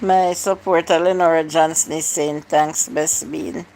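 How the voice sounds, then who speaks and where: A woman's voice: low-pitched, fairly even intonation, measured pace, a little mellow, slight background noise. A woman hosting a live stream, chatting casually and answering her viewers' comments one by one.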